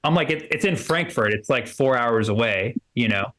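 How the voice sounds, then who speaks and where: Male stand-up comic, mid-pitched, rambling delivery, many restarts, plays both sides of the dialogue. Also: expressive, normal speed, fairly bright tone. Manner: acts out both sides of conversations in quoted dialogue. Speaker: stand-up comedian. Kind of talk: stand-up set on a livestream.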